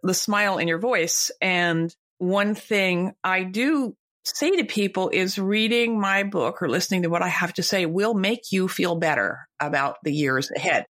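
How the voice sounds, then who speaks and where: A woman's voice: lowish voice, measured pace, a bit bright. An older woman, a guest author, speaking emphatically and with firm opinions in a conversational interview.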